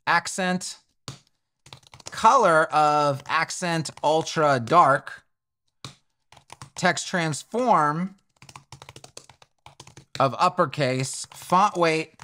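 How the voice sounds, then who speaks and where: A man with a bright, crisp voice walks through a web build at his desk mic. He talks slowly and thinks out loud, adjusting values and correcting himself as he goes. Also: fairly high pitch. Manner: thinks aloud while clicking through settings, self-correcting. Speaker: web development tutor. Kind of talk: screen-recorded coding tutorial.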